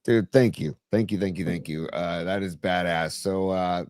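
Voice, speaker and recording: A man's voice: deep voice, moderate pace, a little mellow, no room sound. Upbeat male podcast co-host. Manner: upbeat, thanks viewers by name. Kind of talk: casual live-stream chat.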